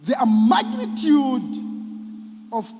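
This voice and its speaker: High-voiced man preaching in a hall. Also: big pitch swings, very slow. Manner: emotional, swings from loud exclamations to very soft lines. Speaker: psychologist speaking at a church event. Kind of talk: preaching-style talk. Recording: reverberant hall.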